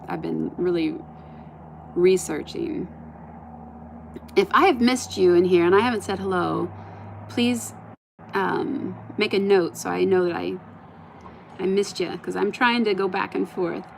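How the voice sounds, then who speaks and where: A woman live streaming outdoors at night into a phone on a stand, chatting in a bubbly way and often dropping to a soft murmur. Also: medium pitch, gravelly, slight background noise. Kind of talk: casual live stream chat. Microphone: phone camera on a stand.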